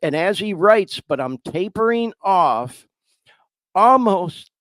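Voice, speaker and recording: A man's voice: high voice, animated, unhurried, no room sound. Choked-up man hosting. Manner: choked up, swearing, addresses listeners as y'all. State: fighting back tears. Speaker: podcast host. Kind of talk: emotional live podcast talk.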